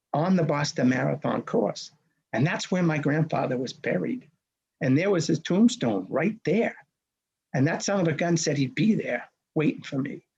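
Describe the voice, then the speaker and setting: A husky-voiced man in his sixties tells a personal story with punchy timing and acted-out dialogue. The sound is a little dull and lo-fi, like a streamed show. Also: on the high side. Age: 60s. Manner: punchy, animated retelling with quoted dialogue. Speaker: race director, guest.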